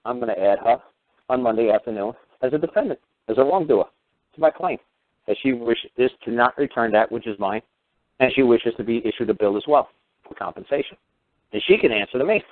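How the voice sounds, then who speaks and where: A man's voice: mid-range voice, fairly quick, no room sound. A man holds forth on a talk radio show, sarcastic and crude. His dry voice comes through narrow and phone-like, with no room sound around it. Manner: combative, mocking, crude. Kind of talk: ranting radio lecture. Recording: tinny phone-line radio audio.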